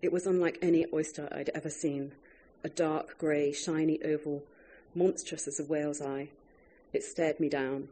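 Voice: medium pitch, steady tone, moderate pace, dark tone, slight background noise. An author reading their own food writing aloud to a live audience, wry and breaking off now and then for chatty asides.

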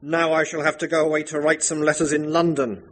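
A man's voice: fairly high pitch, flat delivery, a little fast, voice pushed up, close to an everyday voice, low-quality recording. A man voicing a brooding aristocratic husband who speaks in clipped, melodramatic lines. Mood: dark.

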